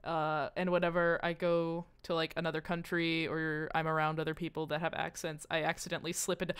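Woman streamer chatting to chat, smooth clear voice, excitable, swears a lot, yells out of nowhere. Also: deep voice, brisk, few pauses. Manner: excitable, swears, sudden loud outbursts; repeats foreign phrases aloud while practicing. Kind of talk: casual live-stream chat.

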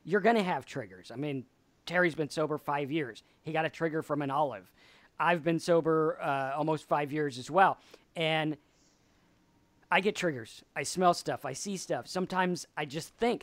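Guy hosting a sober chat, kinda high voice, acts out little bits, dry close sound. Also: normal speed, no room sound. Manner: animated storyteller, acts out quotes. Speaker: podcast host. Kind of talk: casual sobriety chat.

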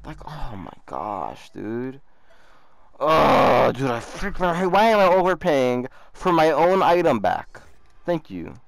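A man's voice: medium pitch, sing-song, takes it slowly, gravelly, no room sound. A young man chatting casually while gaming, teasing and mocking another player, often repeating himself. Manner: mocking, repeats himself, says bro a lot. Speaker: YouTuber trolling a scammer.

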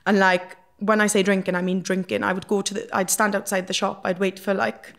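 Young Welsh woman, reality-TV guest, gravelly voice, raw and emotional, lots of "like". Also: mid-range voice, level tone, brisk, fairly bright tone. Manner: emotional, swears freely, many fillers. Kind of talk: candid podcast interview.

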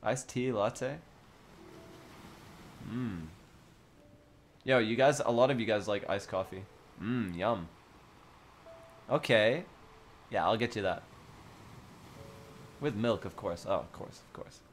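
A man's voice: lowish voice, slow, pauses often, slight background noise. A man with an Australian accent hosting a casual livestream chat with viewers, playful, giggly and teasing. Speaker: livestream host.

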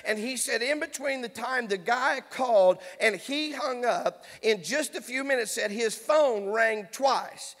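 Fervent high-voiced pastor preaching. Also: male voice, expressive, unhurried, hardly any pauses. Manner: fervent, builds to shouting. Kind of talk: sermon. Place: church sanctuary. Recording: long church hall reverb.

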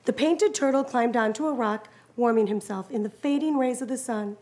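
A woman reading a children's picture book aloud to a child, animated and encouraging. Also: a little high, moderate pace, background noise.

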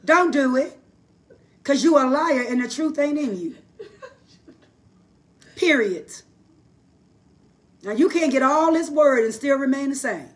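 A woman teaching a livestreamed sermon, hoarse from losing her voice, preaching emphatically in a folksy style and answering herself with quick asides. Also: high voice, animated, far from the mic. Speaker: Bible teacher. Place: live online broadcast.

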